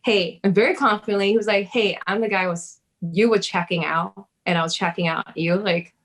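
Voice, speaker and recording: A woman's voice: mid-range voice, a little fast. Laughing woman telling a story. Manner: animated, swears, laughs, acts out her own past words. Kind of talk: casual storytelling chat.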